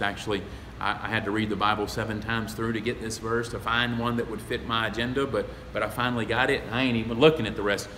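Bright-voiced preacher man, folksy and punchy, big echoey church sound. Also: fairly low pitch, a little hiss or hum. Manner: folksy, emphatic preaching that builds to loud exclamations. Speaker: pastor. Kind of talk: sermon. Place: church sanctuary. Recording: echoey, reverberant hall.

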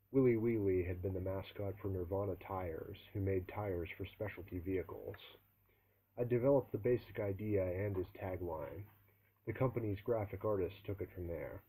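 A man reading a novel aloud in the first person, with dry, measured storytelling. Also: deep voice, mellow, slight background noise, rough recording. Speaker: audiobook reader.

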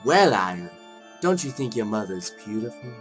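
A man voicing a cold, calculating doctor father in a horror game, with a calm, theatrical formal delivery. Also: fairly low pitch, moderate pace, soft background music. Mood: sinister.

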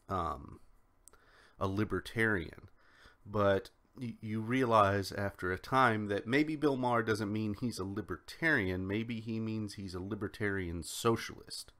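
Rambling American man, low voice. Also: fairly bright tone. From United States. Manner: rambling, frequent restarts and ums. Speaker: podcast host. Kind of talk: solo political commentary.

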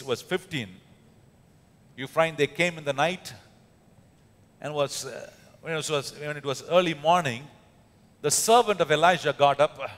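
In an echoey church hall, a man with an Indian accent preaches a sermon as pastor. His voice is fairly high and fairly bright, and he speaks emphatically, with lots of fillers and rhetorical questions.

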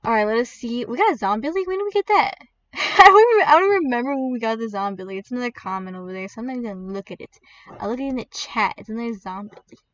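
An excitable woman chatting over her gameplay in a slightly high voice, chatty and quick to squeal. Her voice comes through a dull, lo-fi mic set a bit back from her. The sound is dry, with no room around it. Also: no echo, recorded from a distance. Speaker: gaming video creator. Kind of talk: gaming commentary.

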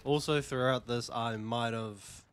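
A man's voice: mid-range voice, fairly even intonation, a little slow, clear, resonant tone. A young man casually introducing his gaming video with a self-deprecating manner.

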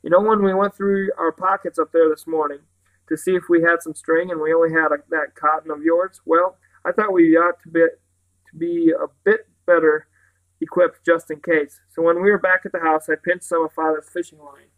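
A man's voice: on the high side, flat delivery, moderate pace, narrow, tinny audio, natural voice. Man reading as a smug older boy. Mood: explaining. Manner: confident, a little smug. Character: confident older boy, smug eldest brother.

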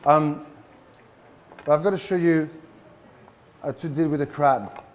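A chef with a French accent runs a live cooking demo in front of a big crowd. He's playful and teasing with the audience, and his man's voice sits a little on the high side. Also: slow pace, a little hiss or hum.

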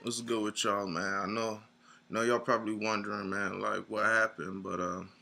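A man's voice: fairly low pitch, level tone, moderate pace, vocal fry, music in the background. A young man rambling in a mock-serious rant, whiny and near tears, tacking "man" onto every line. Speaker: comedic sketch performer.

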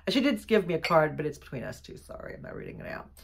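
A middle-aged woman, gushing and excitable as she chats casually to the camera about a haul. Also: low-pitched, rapid-fire, gravelly, background noise. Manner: gushing, excitable, says y'all a lot. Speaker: vlogger showing a haul.

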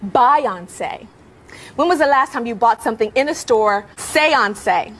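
A woman's voice: on the high side, animated, takes it slowly, a little hiss or hum. Teasing woman firing quiz questions. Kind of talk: playful quiz with silly wordplay.

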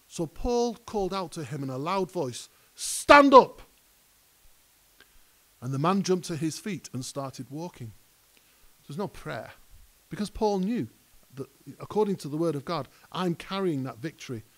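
A man's voice: a little high, lively intonation, moderate pace, darkish tone. A male pastor preaching a conversational sermon that rises to emphatic peaks. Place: church hall.

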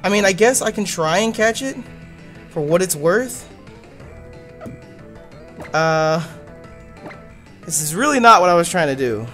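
Give me a man commentating his gameplay in a lively, exasperated way, with faint background music. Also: sits high, unhurried, pauses often. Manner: animated, exasperated, swears freely. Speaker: let's play host.

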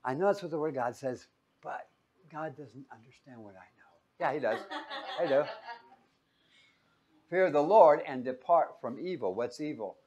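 A man's voice: fairly high pitch, normal speed, long pauses, muffled recording. A man teaching a Bible lesson as a sermon, joking and quizzing his listeners. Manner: jokey, asks the audience questions; lively, swings between loud and quiet.

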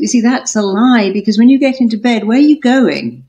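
A woman's voice: mid-range voice, a little fast, hardly any pauses. A woman guest on an interview podcast, telling stories and acting out the things people say to themselves. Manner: animated, acts out quoted self-talk. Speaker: guest therapist and author.

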